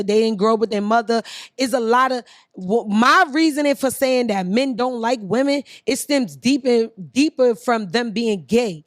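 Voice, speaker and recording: A woman's voice: fairly high pitch, dry recording. Woman ranting in a dry, close sound. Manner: long impassioned rant, rhetorical questions. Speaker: podcast guest. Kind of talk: heated debate.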